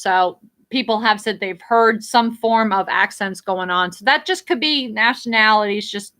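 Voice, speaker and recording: A woman's voice: mid-range voice, normal speed, bright, forceful tone. A woman from New Jersey with a Jersey accent, hosting a casual live stream where she answers viewer comments in a blunt, rambling way and swears freely. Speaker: livestream host.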